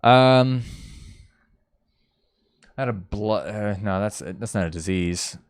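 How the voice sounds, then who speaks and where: A man's voice: on the low side, slow, clean tone, dry recording. Rambling young man chatting, dry sound. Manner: rambling, self-mocking storyteller with lots of fillers. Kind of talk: casual chat.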